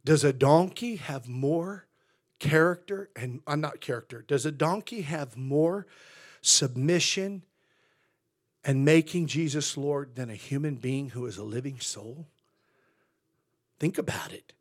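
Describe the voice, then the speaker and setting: An American man preaching a sermon in a slightly high voice. He tells homely stories and laughs along with them, then drops to near-whispers before rising into loud, emphatic declarations. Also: unhurried. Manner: preaching with swings from quiet asides to loud emphatic lines; folksy storytelling with laughter. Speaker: pastor.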